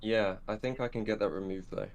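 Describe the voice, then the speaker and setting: A man's voice: on the low side, a little fast. A man interviewed after a sim race, explaining his penalty in a matter-of-fact way over voice chat.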